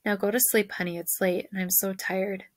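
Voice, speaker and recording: A woman voicing a tired, loving mother who soothes her son at night in a soft, hushed voice. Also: mid-range voice, flat delivery, moderate pace, dry recording, studio quality, natural voice. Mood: soothing.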